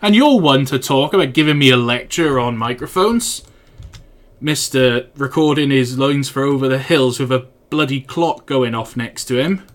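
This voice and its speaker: A man's voice: medium pitch, moderate pace. A young man from Wales with a Welsh accent, chatting casually and teasing his viewers while live-streaming a train game from home on a desk microphone. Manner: chatty and teasing, answers chat messages.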